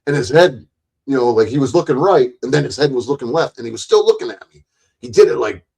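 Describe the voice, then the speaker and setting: A man in the middle of a long, rambling story, swearing freely and doubling back over his own words. His voice sits at an ordinary middle pitch. When he quotes what people said, it jumps up higher and louder for a moment. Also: expressive, fast, creaky, slightly rough. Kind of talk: casual profane storytelling.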